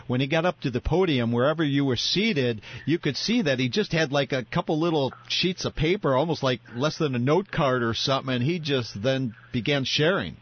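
A man hosts a relaxed radio interview, answering with quick yeahs and laughs before steering toward questions for listeners. His voice sits mid-range and comes through dull and lo-fi. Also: medium pitch, slightly rough. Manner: brief backchannels and warm laughs. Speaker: radio host.

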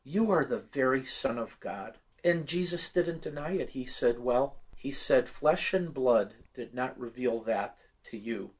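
A man's voice: mid-range voice, animated, measured pace, few pauses, breathy edge. A man sharing a personal faith story in conversation, telling it earnestly and quoting what others said. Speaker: guest sharing testimony.

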